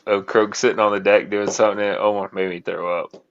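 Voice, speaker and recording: A man's voice: lowish voice, level tone, quick pace, lo-fi sound. A man joking around on a live stream, laughing often as he banters. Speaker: co-host on a live show.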